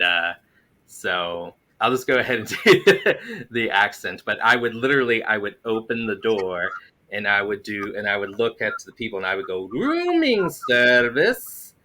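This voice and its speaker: A man's voice: low voice, sharp tone. A man hosting an acting panel, laughing often and talking with many hesitations. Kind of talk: casual panel chat.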